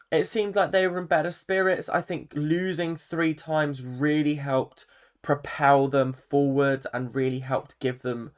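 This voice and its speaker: A vlogger giving a casual, chatty recap of a reality show, full of fillers and animated asides. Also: mid-range voice. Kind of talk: casual commentary.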